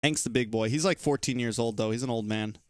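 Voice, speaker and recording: A young man, an esports shoutcaster, chatting casually and slangily on a live stream and laughing easily. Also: mid-range voice, fast talker, no echo, clean studio sound.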